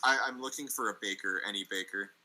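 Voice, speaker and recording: A man's voice: lowish voice, fast, noisy background. A man playing a tabletop game, hesitant and stammering as he describes his character's actions. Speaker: player. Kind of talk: tabletop role-play chat.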